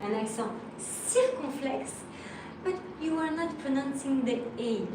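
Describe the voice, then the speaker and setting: A woman's voice: high-pitched, expressive, unhurried. A woman from France with a French accent, teaching a live language lesson and patiently spelling out letters. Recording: very echoey room, mic far off, faint noise.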